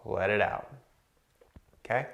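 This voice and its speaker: Slow, calm male breathing instructor. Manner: slow, calm counting with explanations. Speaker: chair yoga instructor. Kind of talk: guided breathing class.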